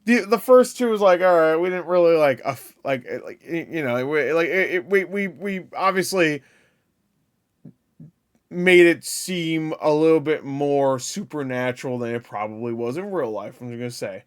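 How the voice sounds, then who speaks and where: A man's voice: fairly high pitch, moderate pace, clean tone. A man hosting a casual movie reaction, rambling, swearing freely and laughing at his own asides.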